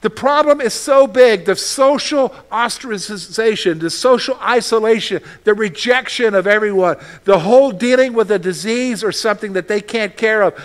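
A male pastor preaching a sermon, animated, with frequent rhetorical questions to his listeners. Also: sits high.

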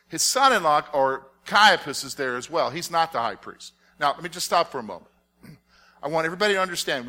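Bright-voiced man teaching a sermon. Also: on the high side. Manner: explains step by step, asks the audience rhetorical check-in questions. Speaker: pastor teaching a Bible study. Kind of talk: conversational sermon.

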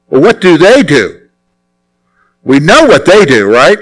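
A man's voice: fairly high pitch, huge pitch swings, measured pace, rough recording. A male preacher giving a conversational sermon, full of rhetorical questions and emphatic repetition. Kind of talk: expository sermon.

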